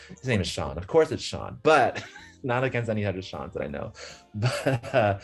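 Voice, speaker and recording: A young man from the United States, a guest on a video call, telling stories in a lively way with lots of laughing and acted-out voices. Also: on the low side, measured pace, husky, faint music behind. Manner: animated, laughing, acts out voices in his stories. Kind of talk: casual storytelling chat.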